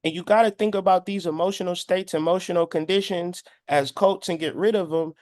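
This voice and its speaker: A thirtysomething man with a high, darkish voice speaks briskly and in a steady tone. His blunt, profane spiritual lecture, given as a spiritual astrology commentator, takes the form of a preachy monologue with quoted voices sometimes acted out. The recording is dry and studio quality.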